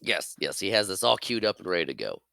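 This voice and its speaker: A man with a lowish, gravelly voice that still has a bright edge, co-hosting a podcast. He chimes in with short agreeing remarks and laughs along in a relaxed movie chat. The sound is dry and close. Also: fast talker, no room sound. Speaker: podcast co-host. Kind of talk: casual movie recap chat.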